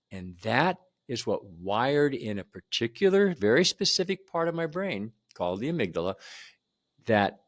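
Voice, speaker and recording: An older man in his seventies tells a childhood story straight to camera. He talks conversationally, and his pitch rises and falls a great deal. He often repeats words for emphasis. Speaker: channel host.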